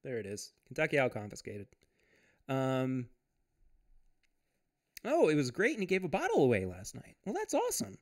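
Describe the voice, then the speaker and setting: A man's voice: medium pitch, wildly swooping pitch, normal speed, pauses often. A man hosting a casual livestream from home. He reads viewer comments aloud, chats loosely, laughs often and restarts his sentences. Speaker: podcast host.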